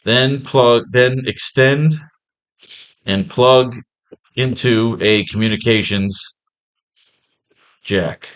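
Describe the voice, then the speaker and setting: A man's voice: mid-range voice, drawn-out words, pauses often, a bit bright. A man teaching a comic-writing class, recapping an old story in a rambling, sarcastic and profane way.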